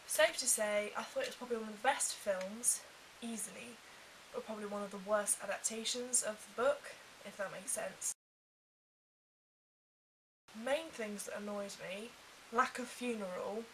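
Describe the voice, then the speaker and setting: A young woman chatting casually to camera, animated and full of quick asides. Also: medium pitch, recorded from a distance. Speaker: vlogger. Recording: faint hiss.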